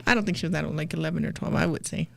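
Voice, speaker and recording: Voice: medium pitch, racing, creaky, fairly bright tone. A co-host in a casual talk show who chimes in to correct details and react. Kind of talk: casual chat.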